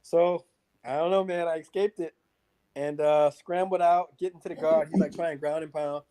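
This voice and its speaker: A man, a mixed martial arts fighter, telling his fight stories in a casual interview, animated and profane, with lots of filler words. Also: fairly high pitch, moderate pace, clear, resonant tone. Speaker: MMA fighter guest.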